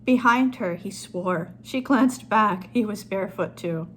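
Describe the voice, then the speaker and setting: A woman author reading her own short story aloud in a calm storytelling manner. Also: mid-range voice, unhurried, a little hiss or hum.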